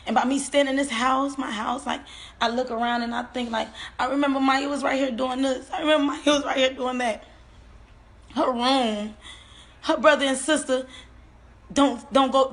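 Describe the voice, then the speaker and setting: A woman with a high voice speaks through near tears. She tells her story in halting bursts, repeating phrases and letting sentences trail away, with the raw grief of a mother's personal testimony. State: tearful, on the verge of crying. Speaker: bereaved mother.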